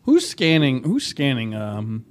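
A man's voice: medium pitch, huge pitch swings, slow pace. A young man co-hosting a casual podcast, blunt and sarcastic, swearing often. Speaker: podcast co-host. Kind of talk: casual chat.

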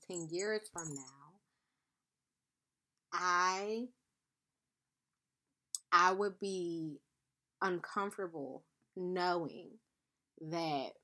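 A woman's voice: fairly low pitch, a bit bright, slight background noise. A woman hosting a podcast, talking through ideas in an earnest, reflective monologue and checking in with listeners with a frequent "right?". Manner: calls listeners "beloved". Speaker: podcast host.

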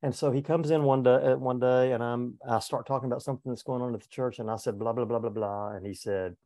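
Man, 70s, former pastor, earnest candid storytelling, mellow voice, dry sound. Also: mid-range voice, fairly even intonation, quick pace, dry recording. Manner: earnest, candid, with frequent restarts. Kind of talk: reflective personal storytelling in conversation.

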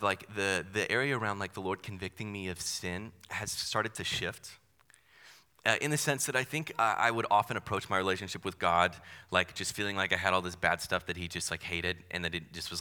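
A man's voice: sits low, bright, forceful tone, clear, resonant tone. A young man preaching a sermon in a casual, conversational way, with self-deprecating asides. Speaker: pastor. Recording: long hall reverb.

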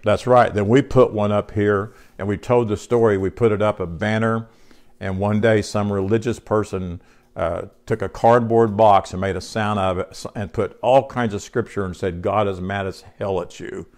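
A man's voice: on the low side, steady tone, moderate pace, a little mellow. Guy preaching a laid-back sermon, reads verses out, keeps asking the folks questions. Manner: conversational preaching, reads scripture aloud, asks the room questions. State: short on sleep. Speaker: pastor.

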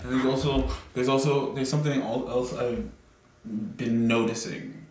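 A man co-hosting a podcast in an animated, laughing way. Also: medium pitch, a little slow. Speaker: podcast co-host. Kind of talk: casual chat. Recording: echoey room with crowd noise.

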